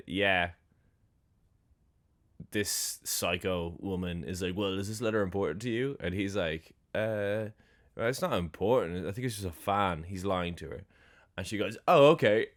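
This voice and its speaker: A man's voice: fairly low pitch, fairly bright tone. A man co-hosting a film podcast, chatting casually and sarcastically, acting out characters' lines and laughing often. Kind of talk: casual film review chat.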